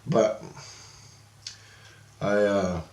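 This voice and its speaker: A middle-aged storyteller recounts visions in a long, rambling, casual way, speaking extremely slowly in a lowish, steady voice. He chuckles often and raises his voice when quoting people. The room sounds roomy and echoey, with background noise.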